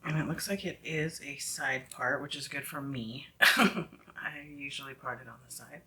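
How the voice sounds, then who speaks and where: A woman with a slight Southern US accent talking through a wig review at home, chatty and often dropping into soft whispered asides. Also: extremely low pitch, moderate pace. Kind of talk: casual product review vlog.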